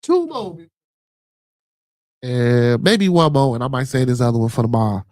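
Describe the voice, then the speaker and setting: A man with a Chicago accent hosting a casual podcast live stream, reacting to chat comments in a loose, animated, profane way. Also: medium pitch, moderate pace, dry recording, studio quality. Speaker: podcast host.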